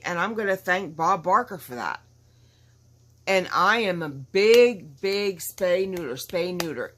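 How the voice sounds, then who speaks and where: Lady vlogger at home, lowish voice, rambling and outspoken, really emphatic. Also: fairly bright tone. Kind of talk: casual chat to camera. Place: at home with dogs nearby.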